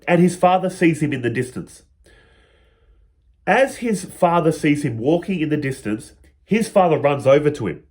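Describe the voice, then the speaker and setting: A man's voice: on the high side, slightly rough. A man teaching on spirituality in a reflective, spoken style, retelling a parable and slipping into the characters' quoted lines.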